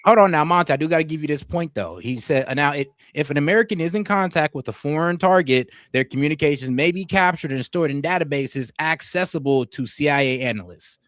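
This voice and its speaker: A man co-hosting a political debate, measured and willing to concede points. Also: a little high, no room sound, studio quality. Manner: measured, concedes points, tries to calm things down. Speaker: podcast co-host.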